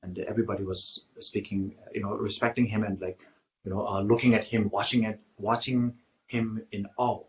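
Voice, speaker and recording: A lower-voiced man gives a Buddhist dharma talk, pausing often with fillers and restarting his phrases. The recording is muffled and lo-fi. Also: flat delivery. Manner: halting, many fillers and restarts. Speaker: Buddhist teacher.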